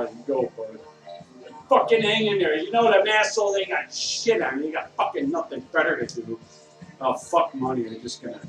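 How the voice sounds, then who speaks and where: Man at a bar, profane rambling rant with sudden shouts, lively pitch, recorded from a distance in a roomy space. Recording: echoey room, distant mic, faint music.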